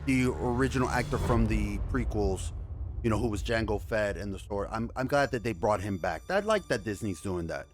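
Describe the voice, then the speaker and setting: A man hosting a casual trailer reaction, excitable and chatty, swearing freely. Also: fairly low pitch, normal speed, slight background noise.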